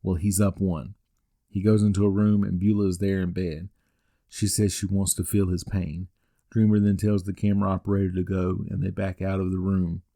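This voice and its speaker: A man in his forties, a wrestling podcast host, narrating a scripted recap in steady play-by-play with dry asides. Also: low voice, gravelly. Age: 40s.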